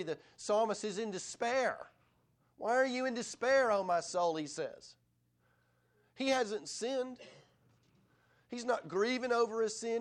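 A middle-aged man delivers a sermon in a notably high voice. He preaches earnestly but conversationally, and he leans on rhetorical questions to draw in his listeners. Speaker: pastor.

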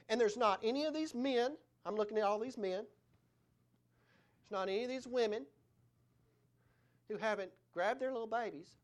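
A woman preaching a sermon in church, moving between loud, emphatic declarations and hushed, quiet asides. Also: mid-range voice.

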